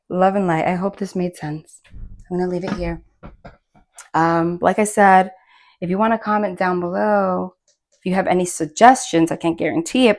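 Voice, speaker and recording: A woman giving a casual spoken tarot reading, chatty and rambling, with many fillers and restarts. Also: lowish voice. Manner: bursts of laughter and excited asides. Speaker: tarot reader.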